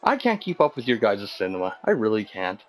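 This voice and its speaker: Lively, teasing male commentator. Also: on the low side, fairly quick, rough recording. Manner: goofy, teasing, rambling. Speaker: wrestling commentator. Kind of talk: jokey role-play commentary.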